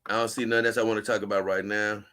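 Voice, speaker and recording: A man's voice: fairly low pitch, flat delivery, very fast, bright, forceful tone, clear, resonant tone. A man, hosting a casual show, rambling and chuckling as he reads posts aloud to his viewers. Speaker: host.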